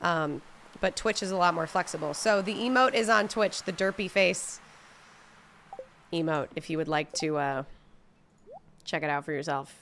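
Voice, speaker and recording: A young woman chats through a gameplay livestream, bubbly and talkative with her viewers. Her voice is bright and lively. She sounds close to a desk mic at home. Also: on the low side, moderate pace, long pauses, a little hiss or hum. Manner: chatty, bubbly, talks to viewers. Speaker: streamer.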